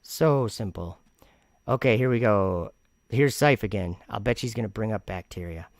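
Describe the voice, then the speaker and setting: Argumentative man with a gravelly voice. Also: fairly low pitch, normal speed, dry recording, studio quality. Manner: argumentative and sarcastic; rambling with frequent restarts. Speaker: channel host. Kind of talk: commentary vlog reacting to comments.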